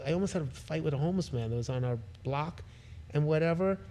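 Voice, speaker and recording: A middle-aged man, fairly high-pitched and quick, is a guest on a podcast, with a little hiss or hum in the audio. He tells casual stories animatedly, acting out the voices of their characters.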